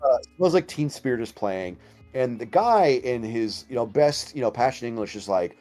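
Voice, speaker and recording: A man from Southern California with a Californian accent, telling animated stories full of fillers as a guest in a casual chat. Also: medium pitch, moderate pace, faint music behind.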